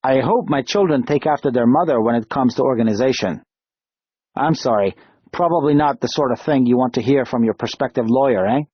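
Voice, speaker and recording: A man's voice: medium pitch, brisk, breathy edge, no echo, muffled recording, natural voice. A man voicing a chubby, affable middle-aged lawyer who talks in a chatty, apologetic way.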